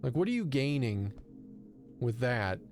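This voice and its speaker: A man's voice: mid-range voice, sing-song, measured pace, darkish tone, faint music behind. A man streaming a horror game live, chatting and mocking the player character with casual swearing. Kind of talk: live gameplay commentary.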